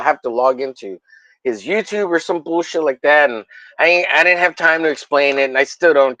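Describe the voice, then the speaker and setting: A man's voice: mid-range voice, a bit bright, no echo. Man, livestream host, casual rambling chat, profane mock-angry joking, dull lo-fi audio.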